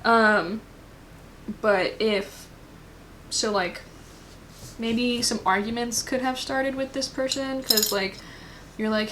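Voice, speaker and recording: A woman's voice: fairly high pitch, steady tone, takes it slowly, a bit bright, slight background noise. A woman giving a casual pick-a-card tarot reading, rambling and thinking aloud with lots of fillers. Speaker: tarot reader.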